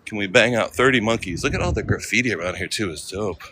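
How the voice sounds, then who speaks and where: A man's voice: lowish voice, quick pace, bright, forceful tone, slight background noise. An American man live-streaming as he walks city streets, chatting casually with viewers in slang. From United States. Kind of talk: walking live-stream vlog.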